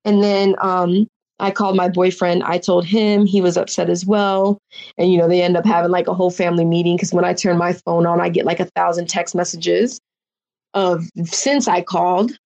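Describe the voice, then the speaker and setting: A woman's voice: fairly low pitch, steady tone, moderate pace, darkish tone. A young woman, a reality show contestant, rambling emotionally through her story in a casual interview.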